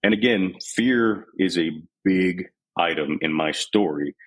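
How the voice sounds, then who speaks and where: This interview guest, a Texan from San Antonio in his forties, has a very deep, husky voice and a measured pace. He shares his army years candidly and with animation, putting on the voices of those he quotes, in a low-quality podcast recording.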